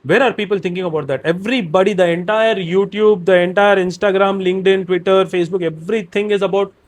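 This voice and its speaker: A man with a high-pitched voice and a neutral Indian English accent talks in a candid podcast interview. He speaks expansively and emphatically, listing example after example to make his points. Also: steady tone, fast. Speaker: guest, operations director and career trainer.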